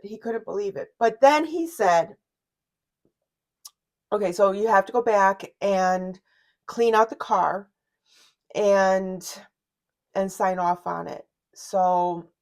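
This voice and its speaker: A middle-aged woman telling a family story, halting and full of fillers and restarts, close to tears. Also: mid-range voice, a little mellow. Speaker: mother telling her daughter's story. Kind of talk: emotional personal storytelling.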